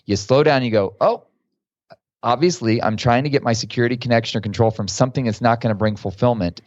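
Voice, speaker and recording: Guesting on a podcast interview, an author and coach tells stories in a casual, lively way. His medium-pitched voice moves at a quick pace, and the dry recording sounds dull.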